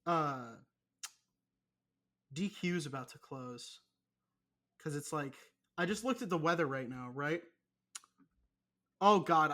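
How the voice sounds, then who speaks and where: A man's voice: on the high side, a bit bright. Profane, rambling young man. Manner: profane, rambling, self-mocking. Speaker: podcast co-host. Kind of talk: casual chat.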